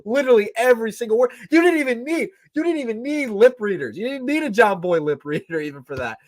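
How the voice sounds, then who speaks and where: A man co-hosting a casual sports chat, excitable and repeating himself for emphasis. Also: very high-pitched, fast, no echo. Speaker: podcast co-host.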